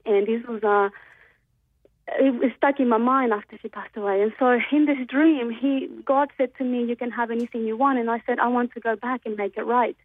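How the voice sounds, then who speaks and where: On a tinny phone line with no room sound, a woman calling in from Australia nervously recounts a story to a radio show, filling it with hesitant ums. She talks a little fast in a high-leaning voice with fairly even intonation.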